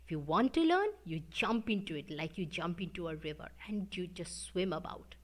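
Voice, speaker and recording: A middle-aged Indian woman gives a spoken English lesson with a somewhat low voice. Her delivery is sing-song and expressive, and now and then it sinks to a whisper. She speaks with a clear Indian English accent. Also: normal speed. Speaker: English teacher. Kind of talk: lecture to students.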